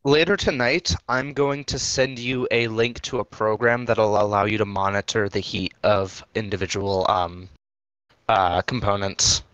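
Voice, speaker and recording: A young man on a voice chat, patient and instructive as he explains tech steps one at a time. His voice sits at an ordinary pitch and comes through dry, with little room sound. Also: steady tone, a little slow, a bit bright, clear, resonant tone, no echo, dull audio. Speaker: friend giving tech support on a voice call. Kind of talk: casual call.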